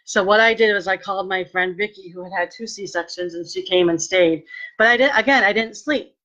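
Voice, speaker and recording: A woman telling a personal story in a lively way, acting out what people said and turning earnest when she speaks of faith. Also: medium pitch, a little fast, highs cut off. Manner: animated, acts out quoted dialogue. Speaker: vlogger sharing a personal testimony.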